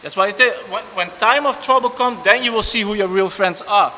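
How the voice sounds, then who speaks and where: A man preaching a sermon, animated and repetitive, restarting phrases and breaking into asides. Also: sits high, brisk. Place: church hall. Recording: long church reverb, faint hiss.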